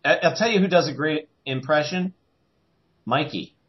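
A man co-hosting a podcast in casual chat, animated and quick to joke. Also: fairly high pitch. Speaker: podcast co-host. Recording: dull lo-fi sound.

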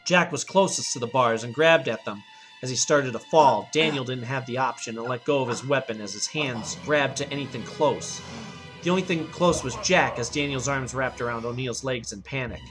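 A man narrating an action story in a steady reading voice. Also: medium pitch, normal speed, music in the background.

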